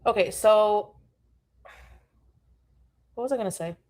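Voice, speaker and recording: Woman streamer, middle pitch, loose rambling chat with viewers. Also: slow, darkish tone. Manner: rambling, greets chat often. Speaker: livestreamer. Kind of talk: casual live stream chat.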